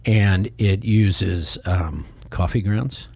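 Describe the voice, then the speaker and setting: Middle-aged male podcast guest, husky low voice, close dry mic, rambling storyteller. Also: very slow, dry recording. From Kansas City, Missouri. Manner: rambling, animated, acts out quoted voices. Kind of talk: casual storytelling.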